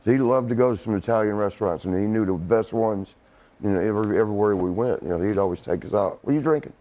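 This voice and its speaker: A man, a former wrestler, telling stories in a relaxed, rambling way, often laughing. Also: on the low side, fast. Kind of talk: casual storytelling interview.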